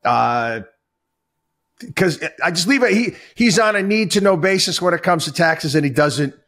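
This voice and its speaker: A man's voice: high voice, lively intonation, normal speed, a bit bright. A middle-aged man hosting a finance talk show, delivering opinionated solo commentary with exasperated, emphatic repetition. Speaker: show host.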